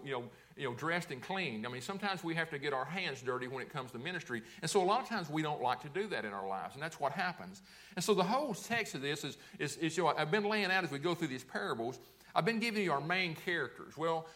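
A male pastor delivers a sermon at a quick clip, his voice sitting a little high for a man. He keeps asking the congregation rhetorical questions and answering them himself, doubling back on his words as he presses each point. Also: a bit bright. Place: church sanctuary.

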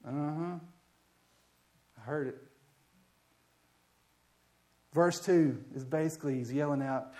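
Impassioned high-voiced male preacher. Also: moderate pace, long pauses. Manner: swings from soft asides to loud impassioned pleading; conversational, repeats words when building up. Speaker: pastor. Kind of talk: sermon.

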